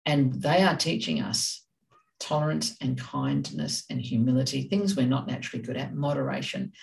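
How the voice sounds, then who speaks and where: Gravelly, passionate woman, distant mic. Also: extremely low pitch, very animated, normal speed, a little mellow. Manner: passionate, direct, emphatic. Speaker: parenting podcast co-host. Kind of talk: casual discussion.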